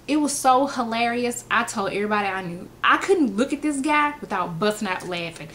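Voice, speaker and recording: A woman, telling funny personal stories in an animated way and acting out the quotes. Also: a little high, brisk, few pauses, a little hiss or hum. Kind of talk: casual storytelling vlog.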